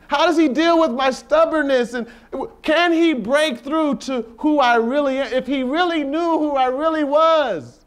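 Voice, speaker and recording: A man's voice: extremely high pitch, unhurried, hardly any pauses. A man leading a Bible study at a retreat, preaching informally with rhetorical questions and playful asides.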